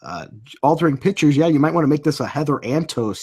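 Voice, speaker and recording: A man's voice: on the high side, lively intonation, quick pace, very noisy. A man with a cold hosting a casual comic book chat, reading out live comments and laughing often. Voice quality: husky. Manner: laughs often while talking. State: has a cold. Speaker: podcast host.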